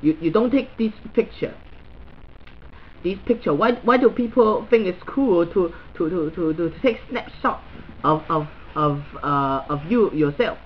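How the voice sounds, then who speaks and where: A man's voice: sits high, animated, unhurried, lo-fi sound, a little hiss or hum. A man doing a crude Chinese guy with a heavy ranting style. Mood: grumbling. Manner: broken English, crude and blunt, stuttering repeats. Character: crude, blunt middle-aged Chinese man, new to social media. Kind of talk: comedic character monologue.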